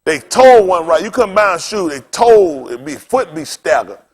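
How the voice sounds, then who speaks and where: A man preaching from the pulpit in a high voice that leaps all over the place. He mixes his sermon with funny stories and talks in a loose, everyday way. He often breaks into laughter as he speaks. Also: moderate pace. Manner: animated, colloquial, often laughing while telling stories. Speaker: pastor. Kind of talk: sermon with humorous storytelling.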